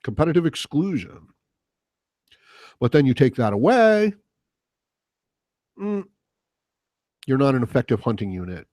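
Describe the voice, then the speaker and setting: A man's voice: mid-range voice, big pitch swings, unhurried, long pauses, darkish tone, dry recording, clean studio sound. A man hosting a solo podcast, ranting casually in a rambling, profane way with lots of fillers. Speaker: podcast host.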